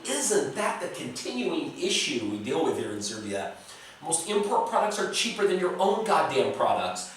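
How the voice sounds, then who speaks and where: A man's voice: medium pitch, distant mic, slight background noise. American male vlogger, blunt and cussing, casual beer review, very echoey room, a bit off-mic. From United States. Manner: blunt and profane, talks to the viewer.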